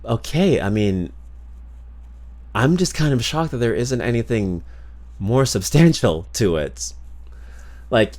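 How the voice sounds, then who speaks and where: A man's voice: medium pitch, darkish tone. A man streaming live, chatting casually with his viewers in a playful, rambling way with lots of repeats and laughs. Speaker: streamer reacting to videos and reading chat.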